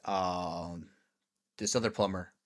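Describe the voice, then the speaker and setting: A man with a fairly low voice tells a long story in a loose, casual vlog style. He swears freely and acts out each side of the conversations as he goes. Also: takes it slowly. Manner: animated, profane, acts out conversations. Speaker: vlogger.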